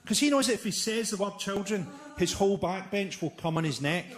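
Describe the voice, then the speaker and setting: A man doing live stand-up comedy, with a deadpan, dark, sardonic delivery and mocking impressions. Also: sits high, brisk. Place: theatre stage before a laughing audience. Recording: live theatre recording with loud crowd noise.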